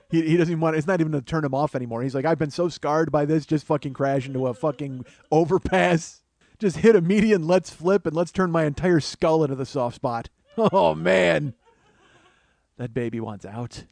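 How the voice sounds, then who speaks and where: A man's voice: mid-range voice, gravelly, darkish tone, no echo. A man hosting a comedy podcast, rambling profanely through a solo monologue and laughing at his own jokes. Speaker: podcast host.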